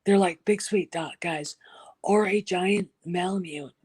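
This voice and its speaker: A woman chatting casually as a guest, an animated storyteller who drops into soft whispers. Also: on the low side, a little slow, slightly rough, no room sound, poor audio. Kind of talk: casual chat.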